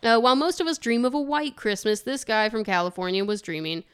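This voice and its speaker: A woman's voice: fairly high pitch, brisk, a bit bright, clean tone. A woman co-hosting a true crime podcast in casual chat, joking and laughing often. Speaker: podcast co-host.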